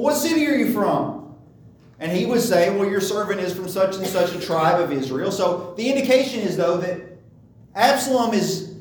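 A man preaching a sermon in a church, conversational and teaching, often pausing to ask "okay?". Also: high-pitched, darkish tone. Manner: conversational, often asks "okay?" to check understanding. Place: church sanctuary. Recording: echoey hall, far from the mic.

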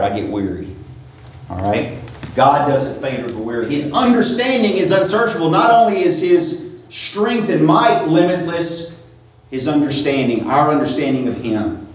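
A man in his forties preaching a sermon, emphatic, swinging between loud stresses and quiet asides. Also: medium pitch. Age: 40s. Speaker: pastor. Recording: echoey hall, mic at a distance, faint ambience.

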